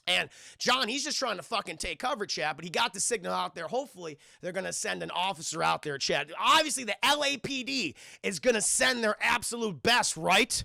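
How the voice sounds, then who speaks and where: A man's voice: high voice, lively intonation, fast, vocal fry, sharp tone, no room sound, clean studio sound. A man streaming a casual scene-by-scene film recap, profane and rambling, who keeps turning to talk to his live chat.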